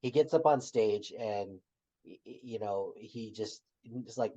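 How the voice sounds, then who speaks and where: A man co-hosting a podcast in casual chat, retelling scenes and trailing off softly at the ends of his thoughts. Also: fairly low pitch, unhurried, muffled recording. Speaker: podcast co-host.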